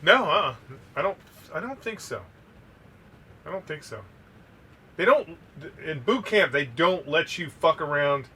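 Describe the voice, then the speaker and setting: A man co-hosting a podcast, telling a story in a loose, profane, animated way. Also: a little high, unhurried, pauses often, husky, recorded from a distance. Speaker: podcast co-host. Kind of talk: casual storytelling.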